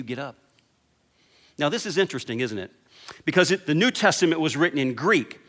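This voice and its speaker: Bright-voiced preaching man. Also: fairly high pitch. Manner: storytelling, dropping to a hush on key lines. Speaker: pastor. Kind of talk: sermon.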